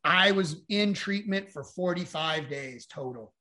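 Male guest, higher-than-average bright voice, candid storyteller who rambles and swears. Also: animated, a little slow. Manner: rambling, frank, swears, acts out quoted dialogue. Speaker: podcast guest.

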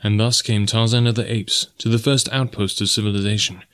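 In a lowish voice, a male narrator delivers an audiobook script with steady, measured storytelling.

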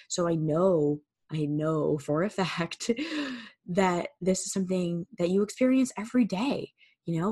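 A woman with a slightly rough, mid-range voice hosts a solo podcast, speaking candidly and casually into a studio microphone. She swears freely and repeats words for emphasis.

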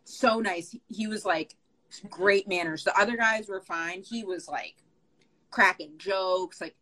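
This podcast co-host, a young woman, tells a long, meandering story full of "like" and frequent swearing during casual chat. Her mid-range voice has a sharp tone and an unhurried pace, and the recording is rough.

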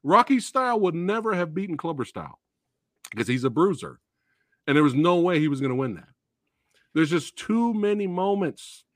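A man hosting a podcast, excitedly chatting about films, swearing often and acting out favorite movie lines. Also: a little high, normal speed, no room sound, studio quality. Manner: excitable, profane, acts out movie quotes. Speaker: podcast host. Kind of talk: casual movie chat.

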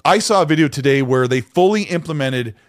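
Male podcast co-host, slightly higher pitch; animated, rambling, restarts often. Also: brisk. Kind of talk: casual podcast chat.

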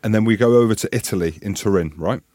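Animated man telling sports stories. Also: fairly low pitch, quick pace, no room sound, clean studio sound. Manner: animated, swearing, acts out voices in his stories. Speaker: podcast co-host, former rugby player. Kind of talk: casual storytelling chat.

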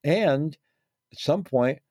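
A man's voice: fairly high pitch, animated, slow pace, mellow, no echo, clean studio sound. A man talking as an interview guest, earnest and reflective, often restarting words and adding "right?" tags. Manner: earnest, repeats words, adds tag questions. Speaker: guest, former prisoner teaching meditation practice.

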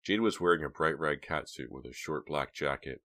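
A man narrating an audiobook with a steady, measured reading. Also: a bass voice.

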